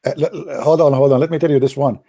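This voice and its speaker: A fast-talking man from the Arab world, whose first language is Arabic, tells stories in broken English with an Arabic accent. In this animated monologue his voice jumps up high and excited for the punchlines.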